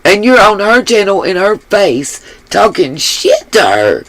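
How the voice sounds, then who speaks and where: A woman's voice: medium pitch, sing-song, unhurried, no room sound. A woman hosting a commentary channel, ranting in an angry, profane and blunt way, though she apologizes for her harsh tone. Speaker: YouTube commentary host.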